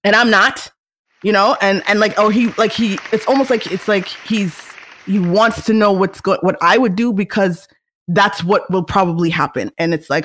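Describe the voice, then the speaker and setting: A young woman hosting a solo podcast, talking casually in a chatty, animated way. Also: mid-range voice, moderate pace. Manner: chatty, animated, restarts and laughs. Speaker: podcast host.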